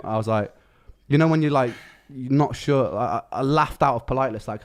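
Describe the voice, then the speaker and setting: A man's voice: medium pitch, fast talker. Rambling man telling a story. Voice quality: rambling, self-correcting, swears freely. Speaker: music producer telling a story. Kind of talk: casual anecdote in a video.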